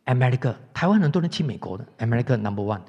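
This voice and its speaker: A man's voice: mid-range voice, animated, rapid-fire, dark tone, husky. A man with a Singaporean English accent teaching a Buddhist dharma class, chatty and throwing rhetorical questions at the class. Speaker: Buddhist monk lecturer. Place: lecture hall. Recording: dull lo-fi hall recording.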